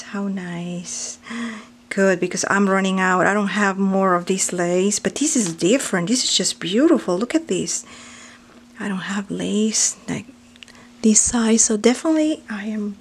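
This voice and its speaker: Slow-talking gushing woman with a higher voice. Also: slight background noise. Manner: gushing, gasping, drops to whispers. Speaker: craft vlogger. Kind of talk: unboxing commentary.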